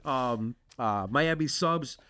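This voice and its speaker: A man's voice: medium pitch, expressive, takes it slowly, fairly bright tone, clean tone, no echo. A man co-hosting a podcast, telling a story in casual chat, acting out the people in it and swearing freely. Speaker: podcast co-host.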